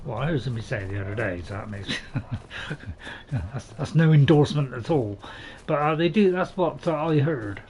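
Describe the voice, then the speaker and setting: A man's voice: mid-range voice, expressive, normal speed, a little mellow. Chatty man narrating gameplay. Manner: chatty and self-deprecating, with dry jokes; hesitant, with many fillers and restarts. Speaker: gaming channel host. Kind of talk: gameplay commentary.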